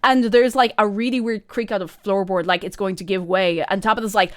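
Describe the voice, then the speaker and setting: A woman streaming a video game, spinning rambling, excited jokey stories. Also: mid-range voice, fairly quick, few pauses. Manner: excited, rambling, laughing asides.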